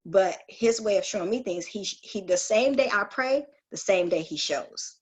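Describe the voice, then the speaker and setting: A woman sharing a heartfelt personal testimony in a group call, earnest and quick to laugh, often restarting her sentences. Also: medium pitch, lively intonation, breathy edge.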